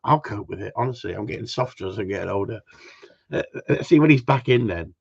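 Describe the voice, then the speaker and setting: A man's voice: on the low side, lively intonation, fast, vocal fry, darkish tone, breathy edge. A man hosting a casual livestream, bantering with his viewers and laughing a lot. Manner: joking, banters with chat, frequent laughs. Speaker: livestream host. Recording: dull lo-fi stream audio.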